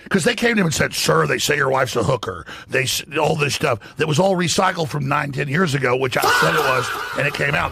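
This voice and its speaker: A man giving heated commentary in an excitable, profane manner. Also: fairly high pitch, gravelly, slightly rough.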